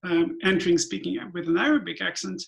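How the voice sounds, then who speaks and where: A Swedish man, Swedish being his first language, speaks thoughtfully on a virtual panel over a video call, often restarting and filling gaps with "like" and "um." His voice sits high, gravelly and a bit bright, and he talks fast over poor audio.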